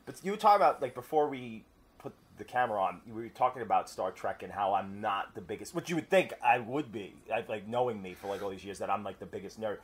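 A man's voice: on the low side, lively intonation, fast talker. A man with a New York accent, chatting casually in a brash, profane, joking way. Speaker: podcast guest, filmmaker. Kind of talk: casual chat.

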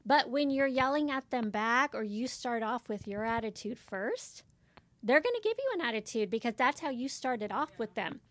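A woman's voice: fairly high pitch, lively intonation, normal speed, fairly bright tone, no echo. A woman who works the front desk of a medical office, telling blunt, exasperated stories in casual chat and acting out the dialogue.

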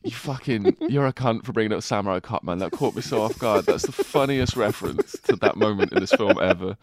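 Sweary, emphatic man with a low voice. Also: dry recording. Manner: sweary, emphatic and quick to laugh. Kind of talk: casual film discussion.

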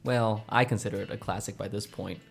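A man's voice: on the low side, fairly even intonation, fairly quick, creaky, soft background music. A man hosting a casual film podcast, teasing his co-hosts and laughing often. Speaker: podcast host.

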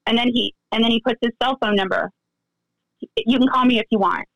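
A woman appears as a guest in a casual interview, a friend recounting events, and tells a personal story while animatedly acting out the lines of the people involved. Her voice is on the high side, fairly quick and creaky, in a rough recording with no room sound.

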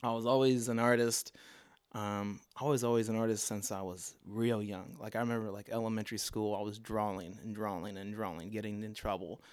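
A man's voice: fairly low pitch, fairly even intonation, fairly quick, clean tone. A man in his thirties with a Baltimore accent, telling stories as a podcast guest in a loose, rambling way with lots of fillers. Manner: rambling, laid-back storytelling with many fillers and laughs. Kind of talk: casual podcast chat.

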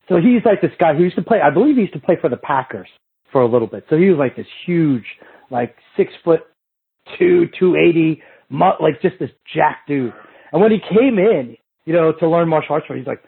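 Husky man on a tinny remote line. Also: fairly high pitch, lively intonation, brisk. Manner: rambling, restarts often, slips into quoted street talk. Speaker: podcast guest. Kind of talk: casual storytelling chat.

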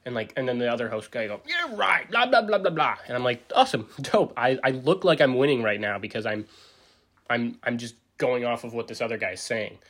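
A man in his forties rambling through a casual solo podcast monologue, full of fillers and restarts, jumping up in pitch to act out what others said. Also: brisk. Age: 40s. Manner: acts out quotes with big pitch jumps. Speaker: podcast host.

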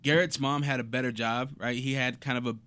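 A man's voice: medium pitch, steady tone, a little fast, pushed and bright, clean tone. A man from Portland chatting casually, telling stories in a laid-back, slangy way. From Portland, USA. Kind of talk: casual chat.

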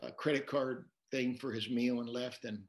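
With a mid-range voice at a moderate pace, this man, a pastor, speaks as an interview guest. He tells his stories animatedly in a chatty, preaching style, drawing on scripture and repeating words as he quotes it.

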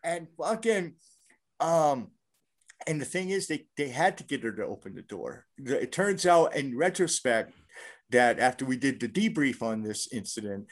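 A man's voice: mid-range voice, lively intonation, moderate pace. A middle-aged man telling a story in a casual interview, rambling and profane with many restarts.

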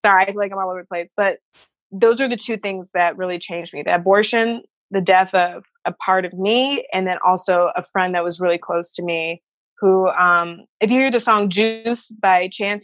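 A woman's voice: medium pitch, fairly even intonation, moderate pace, a bit bright, dry recording. A woman from the Chicago suburbs telling a personal story to an interviewer, candid and emotional, swearing freely and acting out the voices of people she quotes. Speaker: interview guest.

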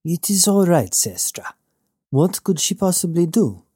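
A man doing a sly, smooth-talking pirate. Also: high-pitched, big pitch swings, a little mellow, dry recording, clean studio sound, voice pushed up, heavily acted. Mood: soothing. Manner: smooth and unhurried. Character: sly, charming male pirate with a gentle voice.

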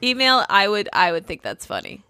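Bright-voiced woman co-hosting a podcast. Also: medium pitch, huge pitch swings, a little fast, no room sound, studio quality. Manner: playful, laughs often. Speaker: podcast co-host. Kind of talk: casual reality TV recap chat.

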